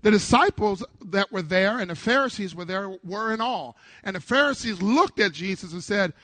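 Middle-aged male pastor, high-pitched and dry-miked, preaching a lively call-and-response sermon. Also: normal speed, few pauses, no echo. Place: church before a congregation.

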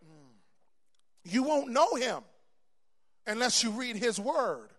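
A man preaching a sermon to a congregation, stammering on repeats and building to loud, emphatic peaks. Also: very high voice, animated, slow. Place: church before a congregation.

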